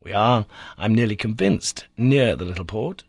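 A man's voice: lowish voice, moderate pace, slightly rough, dry recording, studio quality, heavily acted. A man doing an eager young explorer. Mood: uncertain. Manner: excited, impetuous.

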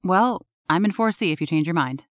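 A fan fiction reader voicing a friendly, teasing young man neighbor in a raised, brighter voice. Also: medium pitch, animated, fairly quick, no echo, studio quality, lightly acted.

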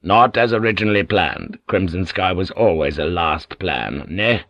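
Voicing a crafty, commanding aging warlord for an audiobook, this male narrator stays deep and unhurried, each word carefully weighed with quiet authority. His intonation is lively yet measured and sly, the mood scheming. The recording is close and dry, with no room sound.

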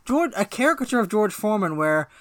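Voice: medium pitch, very animated, fast talker. A podcast co-host in casual comedy chat who swears freely and acts out scenes.

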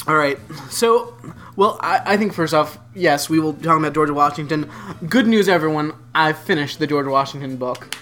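A man's voice: a little high, moderate pace, fairly bright tone. A man co-hosting a podcast, telling a history story in a rambling, sarcastic, casual way with some swearing. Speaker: podcast co-host. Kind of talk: casual chat.

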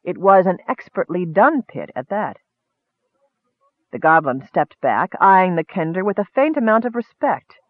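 A man narrating a fantasy story in steady, vivid audiobook style. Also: high voice, unhurried, no room sound. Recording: dry, narrow phone-like sound.

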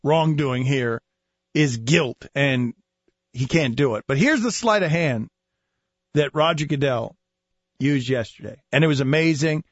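A man's voice: mid-range voice, animated, unhurried, no echo. A man hosting sports talk radio, emphatic and mocking, on a dull lo-fi studio recording. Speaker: radio show host.

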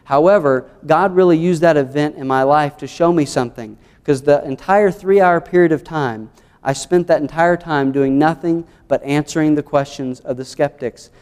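An earnest pastor with a Southern American accent from the United States preaches a sermon organized into numbered points and scripture. His voice is fairly high, a little mellow, and clean, echoing in a large hall.

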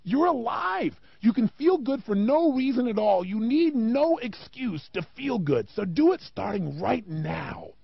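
A man giving a motivational talk, emphatic and animated, with many rhetorical questions and a gravelly voice. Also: very high voice, a little slow, hardly any pauses, muffled recording. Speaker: motivational speaker.

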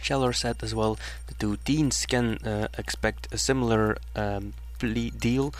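Low-voiced man reading news haltingly. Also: steady tone. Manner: halting, frequent "uh" fillers and restarts. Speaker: radio DJ. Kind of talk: reading a news item between songs. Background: faint music.

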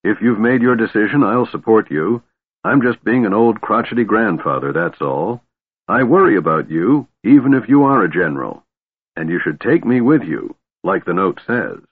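A man voicing a gruff, crotchety old male dwarf who talks stubbornly, on a tinny phone-like recording. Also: on the low side, sing-song, normal speed, exaggerated voice.

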